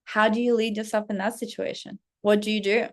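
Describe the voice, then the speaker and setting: A woman telling a casual story in a vlog, animated and swearing constantly as she acts out her own reactions. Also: medium pitch, fairly quick. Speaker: vlogger, self-leadership coach. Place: Paris.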